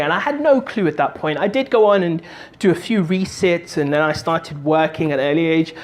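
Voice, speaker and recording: A man giving a motivational talk, telling a story in an animated, jokey way and doing voices. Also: a little high, brisk, hardly any pauses. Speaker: motivational speaker and stand-up comic.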